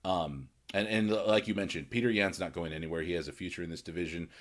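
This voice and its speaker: A man's voice: deep voice, fairly even intonation, fast. A man co-hosting a podcast, rambling in casual chat with many restarts and fillers. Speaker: podcast co-host.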